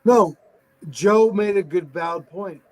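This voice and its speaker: A man's voice: sits high, unhurried, a little mellow, a little hiss or hum. A man on a casual live-stream chat, teasing the host and pressing his point. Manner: teasing, insistent.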